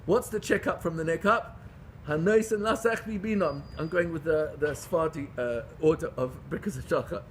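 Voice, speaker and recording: Rabbi, middle-aged man, high-pitched, emphatic and repetitive, lecturing. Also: normal speed, slight background noise. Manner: emphatic, repeats phrases for stress, rhetorical questions. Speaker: rabbi teaching a class. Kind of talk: lively Torah lecture.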